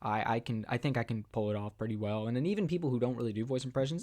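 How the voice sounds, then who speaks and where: A young man talking casually to camera about voice impressions, rambling with many fillers and jumping into squeaky character voices. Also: fast, hardly any pauses, a little mellow. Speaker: voice impressionist, video host.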